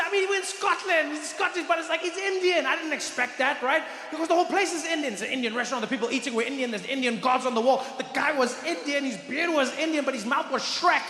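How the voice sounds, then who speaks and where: Animated high-voiced male comedian. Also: fast talker, hardly any pauses. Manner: animated, swings in pitch and volume. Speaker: stand-up comedian. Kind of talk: stand-up storytelling. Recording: echoey hall with noise.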